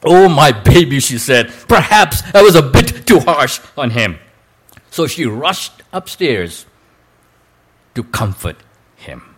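A man's voice: a little high, fairly bright tone, husky. A male preacher telling a story in a sermon, with a dramatic delivery that draws out quoted lines.

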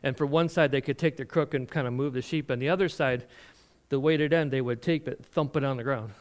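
A man preaching a sermon, retelling a Bible story in an animated way with laughs and restarts. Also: mid-range voice, fairly quick.

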